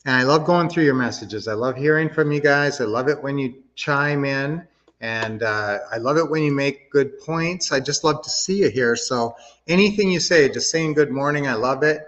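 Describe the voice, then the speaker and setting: An upbeat middle-aged man coaches his viewers on a livestream, speaking casually and cheering them on. His voice sits at an ordinary pitch, and the stream audio sounds a little dull and lo-fi. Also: moderate pace, a bit bright, big-room sound. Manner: upbeat, motivational, addresses viewers directly. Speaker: livestream host, real estate coach.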